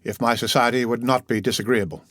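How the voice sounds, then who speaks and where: A man reading an audiobook, voicing an earnest young gentleman who presses his case out of worry for a friend. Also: mid-range voice, steady tone, quick pace, no room sound, lightly acted.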